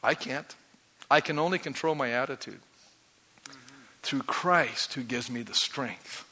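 A middle-aged pastor preaching a sermon with energy, quizzing the congregation with rising questions. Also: male voice, medium pitch, unhurried, pushed and bright, big-room sound.

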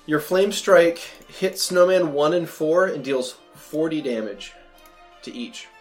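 Brief: male game master, brisk dry rules-caller, faint music underneath. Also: on the high side, expressive. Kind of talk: running a tabletop game.

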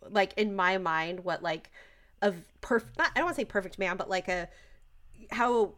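A woman's voice: mid-range voice, normal speed, fairly bright tone. A woman co-hosting a podcast, chatting and agreeing with enthusiasm, with some hesitant phrasing. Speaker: podcast co-host. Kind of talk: casual chat.

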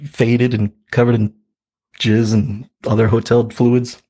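Husky guy on a podcast, laid-back, rambling through a story with lots of ums. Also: medium pitch, level tone, unhurried, dark tone. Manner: laid-back, laughing storyteller with many fillers. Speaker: podcast co-host. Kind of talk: casual storytelling chat.

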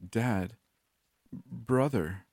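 A man's voice: medium pitch, a little mellow, no room sound, studio quality, pitched above the performer's own voice. A man voicing a frail, broken young woman who speaks in a weak, trembling, childlike way. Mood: murmuring. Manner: weak, trembling, halting speech. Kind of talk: horror story reading.

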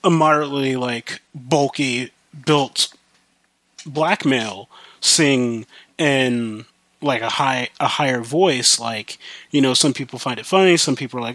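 Here a Midwestern podcast host with a touch of country accent talks at normal speed in a medium-pitched, slightly bright voice. He rambles casually, curses often and uses lots of fillers, and there's no room sound.

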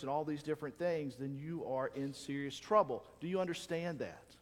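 A man delivers a sermon from a church sanctuary, animated and now and then slipping into quoted voices. His voice sits a little high, and a long reverb trails every phrase around the hall. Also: moderate pace, hardly any pauses. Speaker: pastor.

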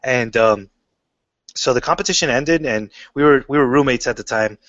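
A man's voice: medium pitch, moderate pace, no echo, lo-fi sound. A man chatting casually in an interview about his writing, telling stories in a loose way with lots of fillers and restarts. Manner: relaxed storytelling, many fillers and restarts. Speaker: comic book writer.

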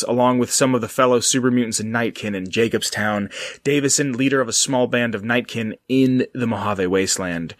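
A man's voice: medium pitch, fairly bright tone. A man co-hosting a casual gaming lore podcast, rambling and swearing, with stumbling restarts. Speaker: podcast co-host.

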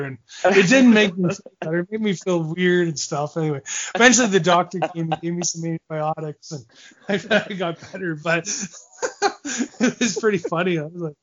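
A man's voice: sits high, normal speed, a bit bright, dull audio. A man in his forties, a former hockey player, telling long stories in a casual interview, rambling with fillers, restarts and laughs.

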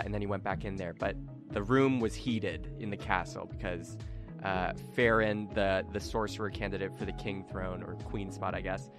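A man narrating as game master in a casual, rambling way with lots of fillers. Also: lowish voice.

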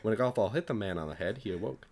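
Young man, comedic fan fiction reading, lively pitch, acts out lines. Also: very fast. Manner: animated, laughs at his own jokes, acts out the dialogue. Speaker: podcast co-host reading his fan fiction. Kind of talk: comedic reading aloud with banter.

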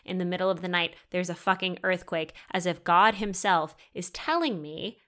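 Young woman, podcast host, solo story, bright voice, candid and swearing. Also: on the low side, a little slow, clean tone. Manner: candid, swearing, animated retelling with quoted dialogue.

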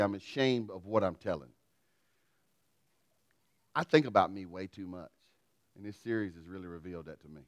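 Folksy pastor preaching. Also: male voice, deep voice, normal speed, pauses often, no room sound. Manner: folksy and self-deprecating, dynamic swings from loud to quiet. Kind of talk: sermon with personal storytelling.

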